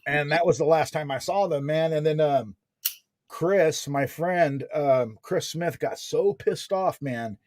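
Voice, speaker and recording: Animated, slangy man in his forties. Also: fairly high pitch, unhurried, no room sound. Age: 40s. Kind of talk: casual storytelling.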